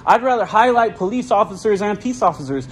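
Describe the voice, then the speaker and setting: A man filming a heated encounter on a handheld phone, loud and insistent, repeating his demands. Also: sits high, expressive, fairly quick, a little hiss or hum. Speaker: video channel host, auditor. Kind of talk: confrontational on-camera filming.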